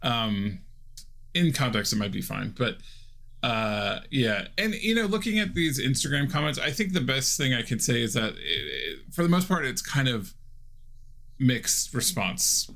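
A man's voice: medium pitch, animated, unhurried, gravelly, fairly bright tone. A man hosting a casual podcast chat, rambling and hesitant, restarting his thoughts. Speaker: podcast host.

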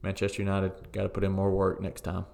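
A man co-hosting a football podcast, giving relaxed, opinionated match takes with frequent ums and uhs. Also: deep voice, quick pace, gravelly. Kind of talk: casual sports chat.

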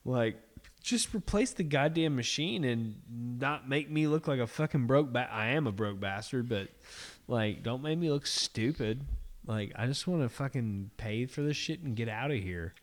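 A man's voice: mid-range voice, expressive, moderate pace. Profane ranting podcast man. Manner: profane, ranting, exasperated venting. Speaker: podcast co-host. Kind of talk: casual chat.

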